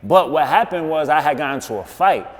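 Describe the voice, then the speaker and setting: A man with a New York accent, a guest on a podcast, telling a story in an insistent, animated way with street slang. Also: a little high, fast, long reverb tail. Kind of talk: casual podcast interview.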